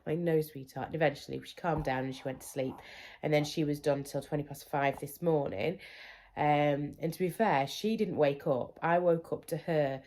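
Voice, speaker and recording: In a casual to-camera chat, this thirtysomething parenting vlogger speaks frankly about her children's sleep and mimics the things they said. Her voice sits low and a little mellow, at a normal speed.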